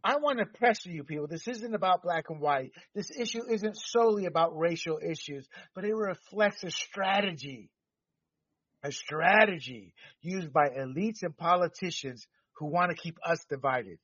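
Raised in Panama, a man hosts a podcast of heated political commentary, ranting emphatically at normal speed with the occasional curse. His voice sits on the high side, fairly bright and slightly rough, captured dry and lo-fi from a distant mic.

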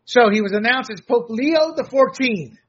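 Blunt, husky-voiced man ranting solo. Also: extremely high pitch, expressive, normal speed, fairly bright tone, muffled recording. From United States. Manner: blunt, sarcastic, with frequent restarts. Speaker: commentator. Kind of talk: opinionated solo commentary.

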